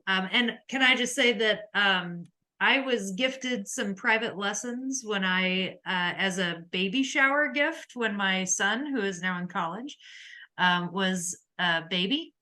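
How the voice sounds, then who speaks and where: A bright, clear-toned woman in her forties speaking on a video call. She co-hosts an online class and talks in a chatty, hesitant way, packing her sentences with um and like. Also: medium pitch, unhurried. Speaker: webinar co-host. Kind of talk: casual webinar talk.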